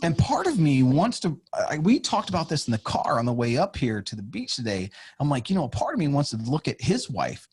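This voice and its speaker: A man guest on a casual podcast chat, animated, swearing freely and acting out what people said. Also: on the high side, a little fast, hardly any pauses, husky.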